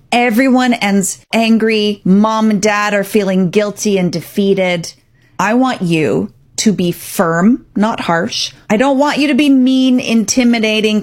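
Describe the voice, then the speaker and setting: A woman hosting a radio talk show, giving firm, coaching parenting advice and acting out quotes. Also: mid-range voice.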